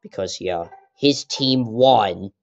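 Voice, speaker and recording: A man voicing a furious hulking turtle king villain who yells and sulks petulantly in a fan puppet comedy. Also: on the low side, slow, gravelly. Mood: sulking. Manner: yelling, sulky and petulant. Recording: dull lo-fi recording.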